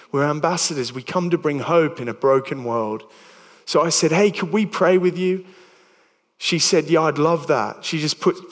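A man preaching a sermon in a casual, conversational way, telling a story with many restarts. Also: on the high side. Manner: growing soft and hushed while praying. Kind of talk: sermon with storytelling and altar call. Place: church hall. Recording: long hall reverb.

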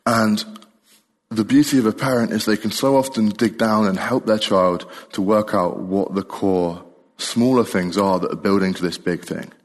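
A man's voice: fairly low pitch, fairly even intonation, normal speed, in a large hall. A young man preaching a sermon in a casual, chatty way, often laughing as he talks. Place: church.

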